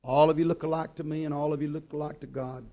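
Male preacher, higher voice, fervent sermon delivery with big swings in force. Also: fairly even intonation, fast, lo-fi sound. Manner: impassioned, swinging between loud urgent peaks and quiet low passages.

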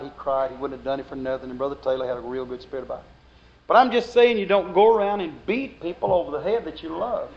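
Preacher guy, folksy sermon, kinda high voice, dull lo-fi tape sound. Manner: folksy preaching with rising emphatic outbursts. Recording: lo-fi dull recording.

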